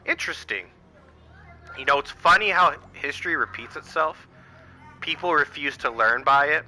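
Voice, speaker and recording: A man's voice: on the high side, moderate pace, pushed and bright, poor audio. An American man giving a heated, profane political rant to camera, firing off rhetorical questions. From United States. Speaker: channel host.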